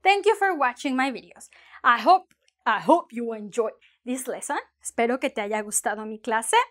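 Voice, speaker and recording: A woman teaching a bilingual lesson, energetic and playful, acting out what a shopper and a seller would say. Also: fairly high pitch, moderate pace. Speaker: Spanish teacher.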